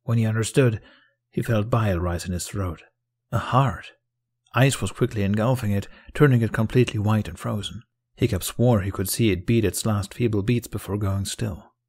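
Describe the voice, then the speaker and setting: Husky low-voiced guy reading fanfic aloud, calm and even. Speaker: narrator. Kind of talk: fan fiction audiobook reading.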